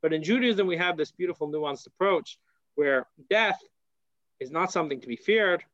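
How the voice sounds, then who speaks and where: A man's voice: on the high side, lively intonation, moderate pace, a bit bright, no echo, muffled recording. American man teaching a Torah class. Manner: conversational, asks rhetorical questions.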